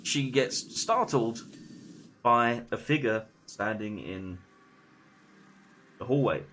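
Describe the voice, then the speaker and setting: A man streaming a game while casually retelling a scary story, halting and full of fillers and restarts. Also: medium pitch, animated, a bit bright, a little hiss or hum.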